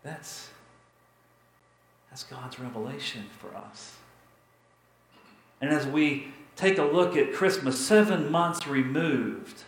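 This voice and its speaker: A man pastor telling a story in a sermon, dramatic and repetitive, with emphatic pauses. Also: fairly high pitch, reverberant, slight background noise, rough recording.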